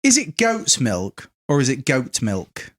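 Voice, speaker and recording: Man, podcast co-host, wry, plays along, animated lively pitch. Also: slow. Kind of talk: crude banter podcast chat.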